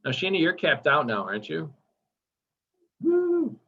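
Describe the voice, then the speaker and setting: A man's voice: a little high, expressive, quick pace, slightly rough. A man giving a casual training lecture, enthusiastic and chatty, asking the class questions as he goes. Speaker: workshop instructor. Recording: dull lo-fi recording.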